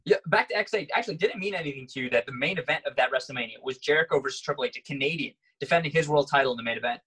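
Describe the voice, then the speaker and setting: A man from Bahrain with an American accent, chatting casually, eager and quick to laugh. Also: mid-range voice, bright, forceful tone, breathy edge, poor audio. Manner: eager, asks questions, laughs easily. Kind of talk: casual podcast chat.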